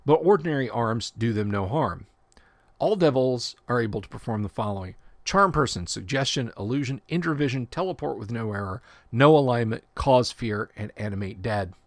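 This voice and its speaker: A man with a gravelly, mid-pitched voice reads game rules on a livestream. He works through the text at an easy pace, stopping for joking asides and correcting himself as he goes. The sound is dry and close to the mic. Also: lively intonation, moderate pace, dry recording. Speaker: livestream host. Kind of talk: casual livestream reading and commentary.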